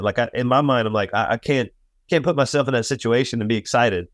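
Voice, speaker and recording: A man's voice: fast, dry recording, clean studio sound. A man, a professional golf caddie, talking earnestly in an interview and acting out quotes as he tells stories. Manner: earnest storyteller, acts out quotes with rising pitch. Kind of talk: faith-based interview talk.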